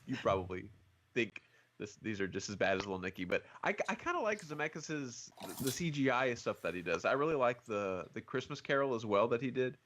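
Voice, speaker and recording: A man leading a casual movie podcast discussion, relaxed and self-deprecating, with hesitant fillers. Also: medium pitch, brisk, a little hiss or hum. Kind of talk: casual chat about movies.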